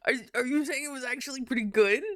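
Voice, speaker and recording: A young adult woman chatting casually with her live-stream viewers, giggly and animated, swearing now and then. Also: sits high, quick pace, no echo, studio quality.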